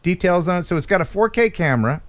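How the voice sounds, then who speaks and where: A man's voice: high-pitched, animated, quick pace. An American man hosting a casual live stream, joking around and reading chat comments aloud. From United States. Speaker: host.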